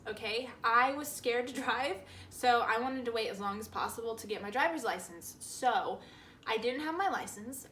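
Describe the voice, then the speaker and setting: A young woman vlogger telling a story about her past in an animated, expressive way. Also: fairly high pitch, a little hiss or hum. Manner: animated storytelling, acting out quotes with laughs. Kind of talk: storytime vlog. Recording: roomy echo.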